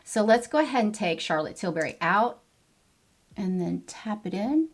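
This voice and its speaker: A woman's voice: mid-range voice, expressive, moderate pace. A middle-aged woman vlogging a chatty makeup review to camera, bubbly and playful with frequent exclamations. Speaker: beauty vlogger.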